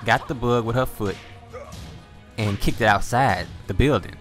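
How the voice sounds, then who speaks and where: He's a gaming video host from Louisiana, speaking with a Southern US accent and telling stories in a laid-back, foul-mouthed way while playing. The voice is mid-range and fairly bright, at a measured pace, with soft music in the background.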